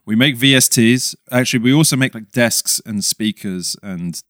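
A young man from England, chatting casually as a podcast guest, self-deprecating and quick to laugh. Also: medium pitch, a bit bright, no room sound. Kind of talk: casual chat.

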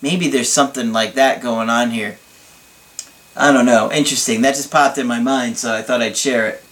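A man's voice: medium pitch, steady tone, moderate pace, fairly bright tone. A man working as a relationship coach, giving blunt and emphatic advice in a video, with playful asides. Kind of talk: advice video reading and answering a viewer's letter.

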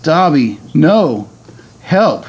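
A man's voice: on the high side, sing-song, very slow, slightly rough, highs cut off, pitched above the performer's own voice, heavily acted. A man reading as a brave young wizard. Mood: urgent. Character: young wizard hero, boy, brave, urgent.

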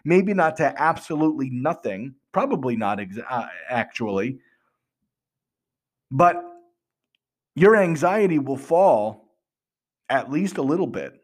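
A man's voice: mid-range voice, big pitch swings, unhurried, pauses often. A man hosting a podcast, explaining earnestly with rhetorical questions and frequent restarts. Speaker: podcast host.

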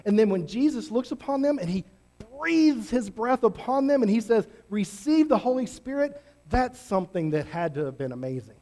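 A pastor preaching a sermon in an energetic, conversational, emphatic way. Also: male voice, sits high, a little fast.

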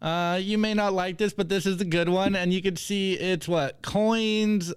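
A man co-hosting a casual podcast, upbeat as he reads out memes and gives shout-outs. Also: sits high, fairly even intonation, measured pace, smooth, no room sound. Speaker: co-host presenting the meme segment.

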